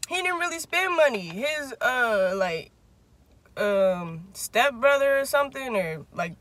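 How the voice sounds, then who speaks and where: A young man chats casually, spinning a long, profane story. His voice is bright and forward, and he throws in big, lively pitch jumps whenever he acts out quotes. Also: a little slow. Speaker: vlog host.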